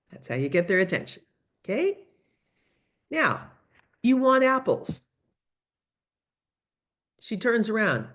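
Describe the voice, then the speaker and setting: A woman teaching a lively online language lesson, coaching students through phrases over a video call. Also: fairly low pitch, takes it slowly, long pauses. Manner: lively, coaching, switches between English and Spanish phrases. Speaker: Spanish teacher.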